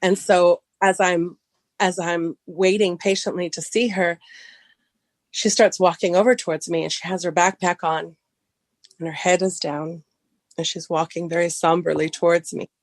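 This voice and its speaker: A middle-aged podcast guest from Southern California speaks at normal speed while casually relating a personal story and acting out its dialogue. Excitement sends her voice high, and there's no echo.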